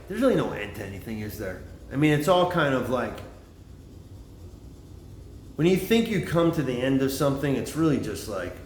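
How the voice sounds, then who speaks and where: Recorded on a phone in an echoey room with a bit of background noise, a middle-aged man whose voice sits on the low side tells a wandering, profanity-laced story in a casual monologue, straying onto tangents.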